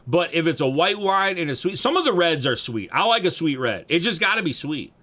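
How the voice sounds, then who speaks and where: Drinking on a livestream, a young man chats with viewers in a profane, rambling style, lurching from loud bursts to mumbling. His voice is on the high side, fairly quick, with big swings in pitch.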